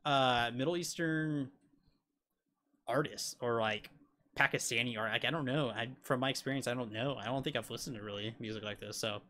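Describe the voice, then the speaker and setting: A man's voice: medium pitch, normal speed, sharp tone, a little hiss or hum. An American man giving casual reaction commentary, rambling with lots of swearing and filler words. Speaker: reaction video host.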